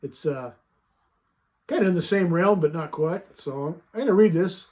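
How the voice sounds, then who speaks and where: A man's voice: high-pitched, moderate pace, a little mellow. A man hosting a casual live vlog, rambling folksily with many fillers and restarts as he reads and explains a short scripture passage. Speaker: vlogger reading a Bible passage.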